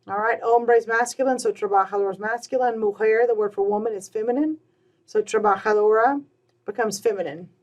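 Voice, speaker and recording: A woman, teaching a recorded Spanish grammar lesson, patiently repeating words slowly with "all right" and "um" between points. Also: on the high side, darkish tone, lo-fi sound.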